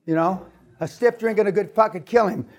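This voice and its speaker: Man, seminar speaker, higher-pitched voice, profane, acts out sound effects, storytelling to a room. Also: fairly quick, a little mellow. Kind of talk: storytelling to a live audience.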